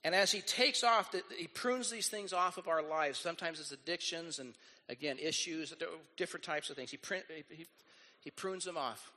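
A man preaching a sermon as pastor, lively and acting out the people he quotes. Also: on the high side, normal speed, big-room sound. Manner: animated, acts out quoted voices.

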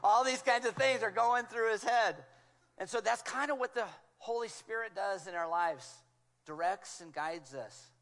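Through a small clip-on mic, a guest preacher with a fairly high voice delivers his sermon at a moderate pace. His storytelling is animated, and his voice grows hushed and quiet whenever he quotes others.

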